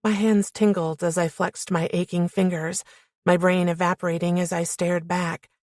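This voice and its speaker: A woman narrating a first-person romance novel in a steady, intimate storytelling manner on a close mic. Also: fairly low pitch, moderate pace, dry recording. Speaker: audiobook narrator.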